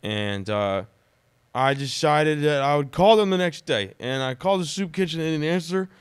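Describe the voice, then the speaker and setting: A man who is a podcast guest, telling personal stories in a dramatic, animated way during casual conversation. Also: on the high side, normal speed, clear, resonant tone, no room sound.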